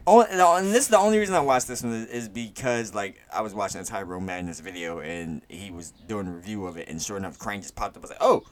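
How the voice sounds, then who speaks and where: A man with a lowish voice joins a podcast chat as co-host. He talks in an animated, jokey way and swears freely in casual banter. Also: fast, few pauses.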